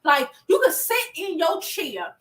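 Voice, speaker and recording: A woman's voice: very high voice, sing-song, a little slow, fairly bright tone, distant mic. A woman host giving casual, rambling commentary with exclamations. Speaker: host reacting to a clip.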